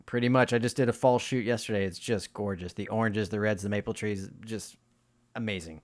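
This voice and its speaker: A man's voice: lowish voice, brisk. Chatty man telling a story. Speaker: host. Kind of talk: casual interview.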